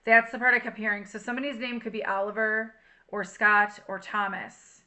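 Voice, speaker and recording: A woman's voice: mid-range voice, level tone, normal speed, pushed and bright. A woman doing a casual tarot reading to camera, chatty and emotional, reading song lyrics aloud. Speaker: tarot reader.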